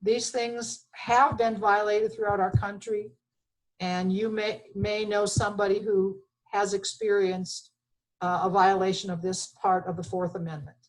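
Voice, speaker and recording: Speaking a little slowly in a level, mid-range voice, a woman from Texas reads constitutional text and offers emphatic, down-to-earth commentary full of fillers. She's presenting on the Bill of Rights, and the recording is low quality.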